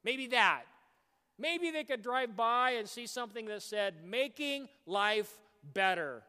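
A man preaching a sermon as pastor, animated, breaking into shouts, in a church. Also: high-pitched, slow pace. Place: church sanctuary. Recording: long hall reverb.

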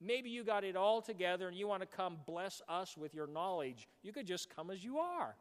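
A man preaching a sermon as pastor, animated, breaking into shouts, in a church. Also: sits high, moderate pace, clear, resonant tone. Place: church sanctuary. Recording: long hall reverb.

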